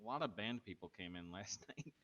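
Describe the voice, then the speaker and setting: A man's voice: on the low side, lively intonation, a little fast, fairly bright tone, dull audio. A man telling a rambling in-character story during a roleplay game stream, chuckling between sentences. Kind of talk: casual in-character chat.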